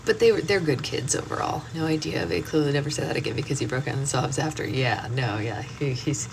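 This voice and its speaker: A woman's voice: deep voice, brisk, creaky. A woman hosting a book club livestream at home, chatting casually with viewers and telling stories with lots of "um" and "like". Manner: chatty, animated storytelling with frequent "um" and "like". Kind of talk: casual chat with live viewers. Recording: distant mic with loud air-conditioning hum.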